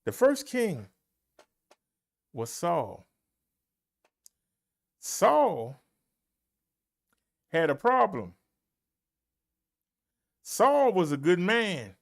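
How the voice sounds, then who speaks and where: A male minister leads a Bible study with slow, deliberate phrasing. His voice swoops up and down to drive each point home, and he talks straight to his listeners in a folksy way. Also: sits high, wildly swooping pitch, creaky. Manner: slow, emphatic delivery with long pauses and swooping emphasis.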